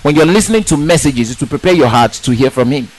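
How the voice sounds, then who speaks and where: A man preaching a sermon in an emphatic, animated way, asking rhetorical questions and repeating words for stress. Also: fairly high pitch, quick pace, soft background music, poor audio.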